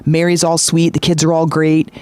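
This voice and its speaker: A man hosting a podcast, retelling a story in a lively, chatty way with frequent fillers. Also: a little high, normal speed, clear, resonant tone, no echo. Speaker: podcast host. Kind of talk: casual storytelling monologue.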